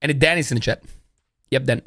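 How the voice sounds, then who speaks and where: Slangy streamer, dry close sound. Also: male voice, medium pitch, quick pace, a bit bright, no room sound. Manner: loose, rambling, slangy with "bro". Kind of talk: casual live-stream chat.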